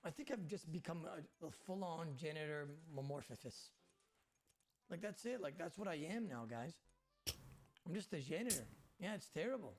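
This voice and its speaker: A man chatting casually to his livestream chat while gaming, animated and swearing freely. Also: on the high side, normal speed. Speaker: game streamer.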